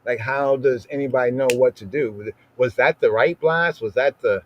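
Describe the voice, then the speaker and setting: A man of mid pitch teaches scripture in a relaxed podcast way. He says the old words over and over, slowly, and keeps checking in with "right?" The recording sounds slightly muffled and lo-fi. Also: slight background noise. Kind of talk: casual teaching talk.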